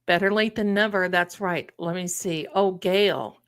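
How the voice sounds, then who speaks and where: A woman's voice: lowish voice, measured pace, no room sound, studio quality. Chatty woman hosting a live stream. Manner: chatty, animated, addresses viewers as "my loves". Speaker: livestream host. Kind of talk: casual live-stream chat.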